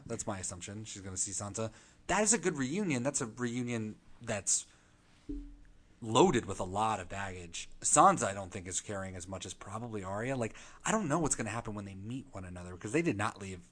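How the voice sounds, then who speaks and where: Man, casual co-host, lively swinging delivery, profane and excitable. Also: lowish voice. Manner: animated, profane, excitable, quick asides. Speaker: podcast co-host. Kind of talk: casual chat.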